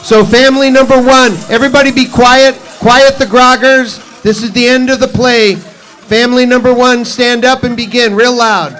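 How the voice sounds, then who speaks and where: A man organizing a crowd event, calling out brisk directions and hushing people. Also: extremely high pitch, fairly even intonation, soft background music. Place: synagogue hall.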